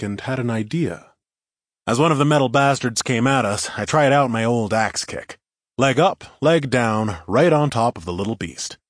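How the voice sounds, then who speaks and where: A man's voice: medium pitch, dry recording, studio quality. A man narrating a first-person adventure story in a wry, conversational way.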